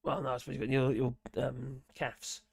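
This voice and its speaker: A man with a Norfolk accent and a hoarse, gravelly voice, chatting casually on a live stream and reading out viewer comments in a rambling, muttering way. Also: mid-range voice, flat delivery, moderate pace, no room sound, studio quality. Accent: Norfolk English. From Norfolk, England. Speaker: livestream host reading chat.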